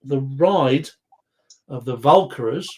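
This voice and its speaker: A man's voice: medium pitch, slow pace. A man hosting a live quiz chat, reading out viewers' answers in a rambling, jokey way and stumbling over words.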